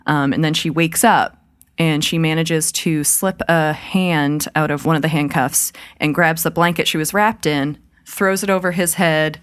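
A woman co-hosting a horror podcast, relaying a crime news story in a relaxed, chatty way with lots of filler words. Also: sits low, clean tone, no room sound, clean studio sound. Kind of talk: casual podcast chat.

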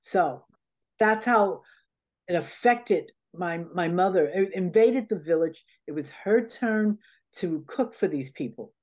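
A woman's voice: lowish voice, animated, slow pace, a little mellow. A middle-aged American woman, a guest in a casual interview, telling heartfelt stories in a rambling way with many fillers. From United States. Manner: rambling, heartfelt storytelling with many "you know"s.

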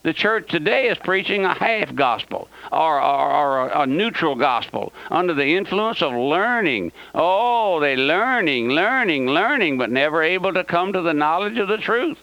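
Male radio preacher, high bright voice, impassioned and repetitive, dry dull radio sound. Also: sing-song, normal speed, vocal fry, few pauses. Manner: impassioned, repeats phrases, calls listeners "my friend". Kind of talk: fiery radio sermon.

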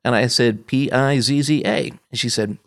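A man's voice: mid-range voice, fairly even intonation, moderate pace. A man in his fifties, originally from upstate New York, talks as a podcast guest. He tells long stories about his career and family, full of fillers and restarts, in an ordinary mid-range voice. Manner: rambling anecdotes with frequent restarts and fillers. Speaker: guest, company founder. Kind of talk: conversational interview storytelling.

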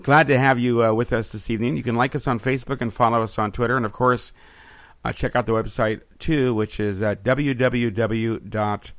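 A man's voice: fairly low pitch, no echo. A man hosting a podcast in an upbeat, chatty way, with frequent fillers. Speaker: podcast host. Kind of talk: casual podcast chat. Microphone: remote recording setup.

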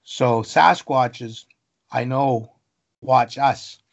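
Gravelly man telling forest stories. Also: medium pitch, very slow, dull audio. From Canada. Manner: animated storyteller, piles up long lists. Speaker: podcast guest. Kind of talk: storytelling interview.

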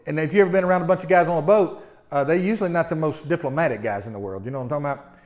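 A middle-aged man preaching a sermon. He speaks in a folksy, animated way and often turns to address the listeners directly. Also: a little high, rapid-fire.

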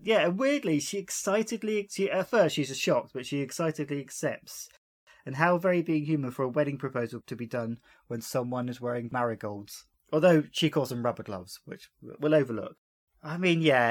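A man's voice: medium pitch, expressive, normal speed. A man hosting a podcast, recapping a TV episode in casual chat in a jokey way, laughing often. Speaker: podcast host.

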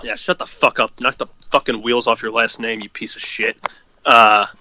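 A podcast co-host rants about hockey in casual sports chat, swearing freely and pushing strong, fired-up opinions. His mid-range voice is bright and forceful, with fairly even intonation at a moderate pace, on a rough recording with a little hiss or hum.

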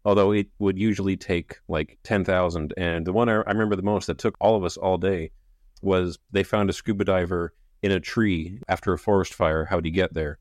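Low-voiced man in dry chat. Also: dry recording. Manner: wry, laughs often, retells scenes. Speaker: podcast co-host. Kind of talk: casual book-club chat.

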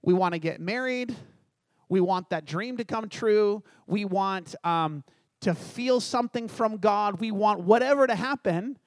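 High-voiced pastor telling a story. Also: male voice, measured pace, dry recording, clean studio sound. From Canada. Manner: animated, acts out dialogue, self-deprecating humor. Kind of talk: storytelling sermon.

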